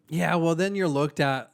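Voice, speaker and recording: A man's voice: on the high side, vocal fry. A young man co-hosting a podcast, laid-back and jokey, full of slang. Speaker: podcast co-host. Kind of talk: casual chat.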